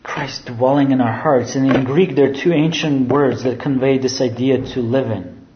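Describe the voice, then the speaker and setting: A man's voice: medium pitch, steady tone, normal speed, slight background noise. A man preaching a sermon who explains scripture and keeps restating his phrases. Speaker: pastor. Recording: roomy, dull sound.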